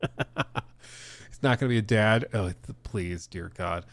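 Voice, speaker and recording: A man's voice: fairly low pitch, takes it slowly, no echo. A man streaming live, reacting to clips with incredulous, laughing, casual commentary. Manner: animated and incredulous, laughs often, says "dude".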